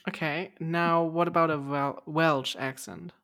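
A woman's voice: low-pitched, steady tone, measured pace, a bit bright. A woman from Germany co-hosting a podcast in casual chat, teasingly asking her co-host for accents.

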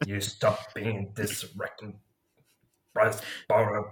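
A man voicing a rowdy male pirate in a rough, throaty voice. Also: lowish voice, completely flat delivery, slow, a little hiss or hum. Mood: mock-cursing. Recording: echoey room.

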